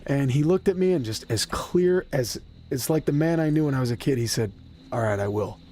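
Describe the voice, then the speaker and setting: This is a man's fairly high, dark-toned voice, a little fast with lively intonation, with some hiss or hum on the recording. A gaming streamer, he rambles to viewers during live play, joking at his own expense, swearing a lot and speaking frankly and emotionally.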